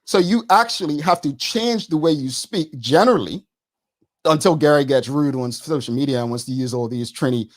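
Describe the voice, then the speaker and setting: Fast-talking man in his forties. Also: on the high side. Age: 40s. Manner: fast, emphatic, repeats words. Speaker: talk show co-host. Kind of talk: studio debate.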